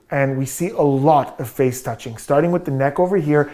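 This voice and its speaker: A man commenting on a video clip as a body language analyst, explaining gestures confidently in quick bursts. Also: medium pitch, warm tone.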